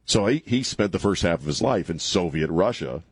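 A man's voice: sits low, expressive, fairly quick, breathy edge, dry recording, studio quality. A man hosting a talk radio show, rambling and sarcastic, laughing at his own jokes. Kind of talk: casual talk radio banter.

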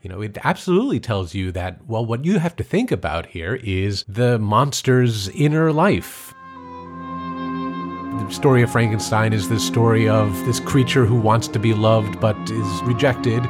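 A man's voice: fairly low pitch, lively intonation, normal speed. Thoughtful man co-hosting a music podcast. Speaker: podcast co-host. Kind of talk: analytical discussion of film music.

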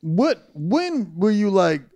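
A man's voice: sits high, very animated, takes it slowly, gravelly, a little mellow. Young man, teasing podcast co-host. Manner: teasing, joking banter. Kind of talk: casual chat.

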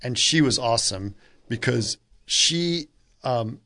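A man's voice: mid-range voice, lively intonation, slow pace, sharp tone. Man, casual podcast host, rambling anecdote delivery, lots of "uh". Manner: rambling storyteller, many fillers. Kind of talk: casual chat.

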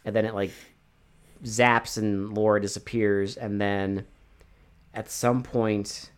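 A man's voice: on the low side, flat delivery, slow pace, smooth. Man, podcast co-host, casual film recap, swears a lot, rambling, restarts sentences. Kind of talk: casual movie review chat.

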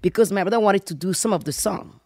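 A woman from Congo telling a lively personal story in casual chat, laughing often and acting out voices. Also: mid-range voice, quick pace, no room sound, clean studio sound. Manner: animated, laughing, acts out voices in anecdotes. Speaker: guest.

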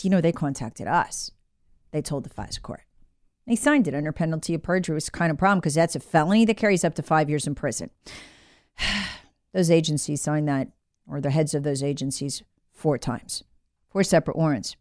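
A woman's voice: sits low, a little fast, darkish tone, no echo, clean studio sound. A woman hosting a political commentary show, talking in a sarcastic, opinionated way. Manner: sarcastic, mocks figures in put-on voices.

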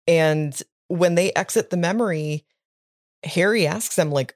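A woman's voice: low-pitched, normal speed, dry recording, clean studio sound. A woman co-hosting a podcast in casual chat, recapping chapters, swearing and laughing often. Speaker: podcast co-host.

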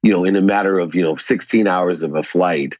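A man being interviewed as a podcast guest, animated as he tells a story and acts out the dialogue. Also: sits low, fairly quick, no echo, lo-fi sound.

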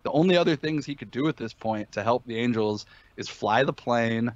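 A man's voice: mid-range voice, fairly quick, no room sound, dull audio. A man talking sports betting in a casual podcast chat, emphatic and opinionated, with many fillers and restarts.

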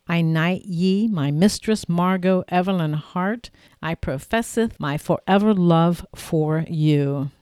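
A woman's voice: lowish voice, slow pace, a little mellow, clear, resonant tone, dry recording. A woman voicing a playful, charming young man who teases in mock-archaic speech.

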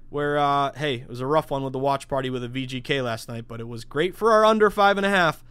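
A man in his thirties hosting a sports betting podcast alone, talking in a hyped, salesy rush with sudden loud bursts. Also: mid-range voice, clean tone, no room sound. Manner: hyped, salesy, rapid-fire with bursts of shouting. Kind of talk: solo podcast monologue.

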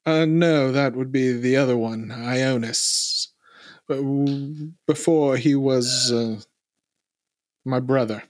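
A man's voice: medium pitch, takes it slowly, no room sound. A man playing a tabletop game, speaking hesitantly with stammers. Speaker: player. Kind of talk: tabletop role-play.

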